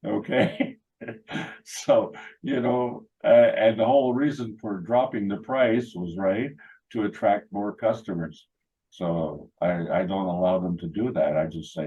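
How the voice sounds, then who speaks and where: A man's voice: on the low side, expressive, measured pace, mellow, breathy edge, lo-fi sound. A man chatting casually, telling rambling anecdotes full of "you know" and acting out other people's lines. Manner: acts out quoted dialogue in funny voices. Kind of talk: casual chat.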